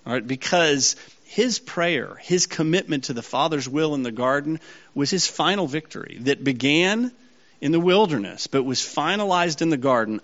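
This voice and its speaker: A man's voice: fairly high pitch, lively intonation, normal speed, vocal fry, fairly bright tone. A man preaching a sermon and teaching a congregation, who often checks that his listeners are following. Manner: checks in with the audience often, asking if they follow. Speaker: pastor. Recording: slightly dull lo-fi sound.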